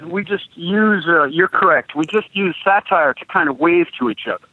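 A man who is an activist street preacher, speaking as a radio interview guest: halting at first, then building into preacher-like emphasis. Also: on the high side, no echo. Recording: tinny phone line, dry.

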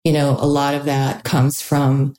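A woman who founded a perfume brand, answering interview questions in a calm, measured, explanatory way. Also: rumbling low. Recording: echoey room.

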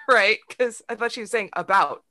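Woman co-host, bright voice, lively anecdotal chat. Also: on the high side, moderate pace. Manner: laughs often, animated storytelling. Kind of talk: casual chat.

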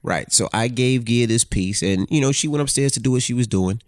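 A man's voice: medium pitch, a little fast, no echo, studio quality. A man in his forties co-hosting a podcast, telling a story in casual chat and acting out what people said. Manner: expressive storyteller acting out quotes. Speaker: radio host and podcast co-host.

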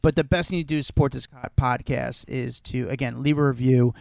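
A man's voice: mid-range voice, steady tone, brisk, vocal fry, a little mellow, dry recording. A man co-hosting a podcast, chatting in an easygoing, jokey way. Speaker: podcast co-host. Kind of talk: casual podcast chat. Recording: dry close mic, glitching at times.

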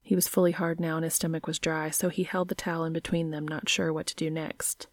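A woman reading a story aloud in a soft, half-whispered voice. Her voice is low and creaky, and it sounds dry and close to the mic. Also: little pitch movement, brisk, dry recording. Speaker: reader.

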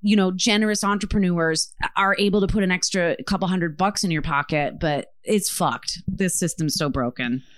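A woman's voice: on the low side, normal speed, hardly any pauses, no room sound, studio quality. Sex: woman. Fiery, swearing podcast co-host. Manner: impassioned, profane, storytelling. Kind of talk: casual chat.

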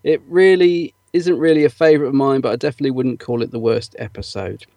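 A man's voice: mid-range voice, fairly even intonation, quick pace, gravelly, mellow, dry recording. A man co-hosting a podcast, casually reading out listener comments with lots of fillers and easy laughs. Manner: chatty, filler-heavy, laughs easily. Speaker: podcast co-host.

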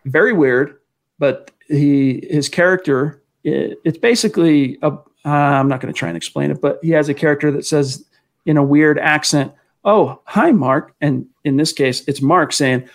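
A man with a slightly high voice speaks at normal speed while co-hosting a laid-back sports talk livestream. He chats, reads fan messages from the chat aloud and answers their questions.

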